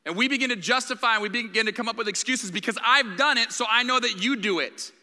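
A man's voice: very high voice, fast talker, sharp tone. A man preaching a sermon in a candid, conversational way. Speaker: guest preacher. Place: church sanctuary. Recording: long reverb of a church hall.

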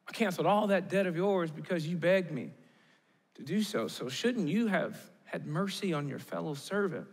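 A man's voice: high-pitched, a bit bright, in a large hall. A man preaching a sermon in a conversational way, with joking asides and quotes he acts out. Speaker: pastor.

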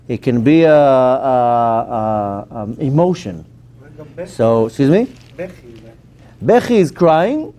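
Animated rabbi, mellow higher voice. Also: male voice. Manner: emphatic, animated teaching with questions to the audience. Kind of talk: Torah class to a live audience.

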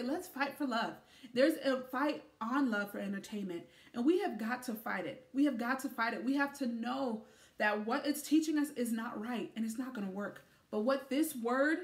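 A woman giving a casual faith talk to camera, emphatic and fond of repeating herself for stress. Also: fairly high pitch. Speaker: faith vlogger. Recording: echoey room.

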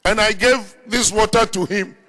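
High, bright-voiced African-accented preacher. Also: male voice, moderate pace, in a large hall. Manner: animated storytelling preacher, bursts into shouts. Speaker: pastor. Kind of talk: sermon. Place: large church hall, live meeting.

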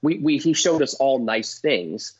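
A middle-aged man, a comedian guest, telling stories in casual chat, animated and swearing, acting out voices. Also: mid-range voice, unhurried, slightly rough. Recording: dull lo-fi dry sound.

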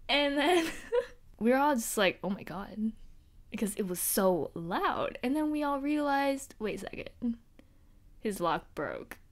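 A woman's voice: on the high side, big pitch swings, takes it slowly, long pauses. A woman playing a bubbly teenage girl at a hero school, telling a dorm story in a chatty, giggly way with many fillers. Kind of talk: in-character storytelling vlog.

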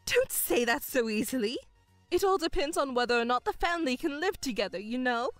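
Lady doing a shrill bossy mom in a drama story, high and swooping, whiny and stammery, dry close sound. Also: expressive, a little fast, no room sound, soft background music. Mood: indignant. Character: self-pitying middle-aged mother, shrill and controlling.

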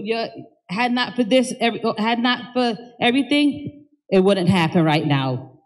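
A woman speaking as the daughter at a memorial service, giving a heartfelt eulogy and then thanking the gathered mourners, emotional and stumbling over her words at times. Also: lowish voice.

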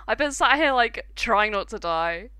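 A young British woman streaming a video game, giggling often and swearing in animated, casual commentary at a close mic. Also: fairly high pitch, a little slow, smooth, no room sound.

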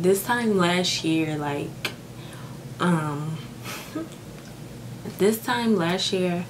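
Low-voiced tearful young woman, frank chat. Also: noisy background. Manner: frank, heavy use of "like" and swearing. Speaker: beauty vlogger. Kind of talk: casual get-ready-with-me chat. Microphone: camera microphone.

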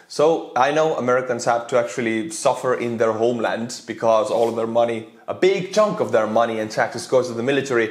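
An Estonian man rattles off excitable reaction commentary with laughing asides. His voice sits at a middling pitch. The room rings with a noticeable echo. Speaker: YouTuber reacting to videos. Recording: roomy echo.

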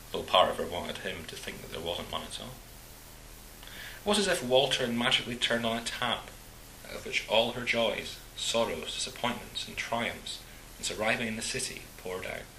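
A man calmly reading a short story aloud in a measured narrating voice. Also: on the low side, echoey room, a little hiss or hum, low-quality recording.

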